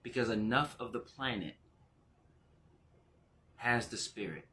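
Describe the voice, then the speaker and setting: Man, spiritual teacher, casual vlog talk, bright forward tone, excitable, laughing, soft and slow when reflective. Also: a little hiss or hum. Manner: excitable, laughing, jumps into high exclamations; slows down and goes quiet when reflective.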